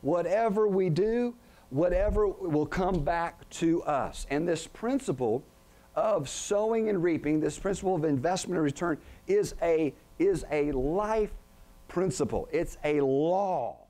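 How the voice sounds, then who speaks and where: A middle-aged man pastor preaching a sermon in a tent, often pausing to let the congregation finish his lines. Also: fairly high pitch, expressive, dark tone. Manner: call-and-response questions to the congregation.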